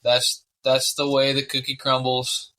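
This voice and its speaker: A man's voice: mid-range voice, measured pace. A man co-hosting a sports podcast, talking casually with lots of swearing and rambling. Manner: profane, rambling, excitable. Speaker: podcast co-host.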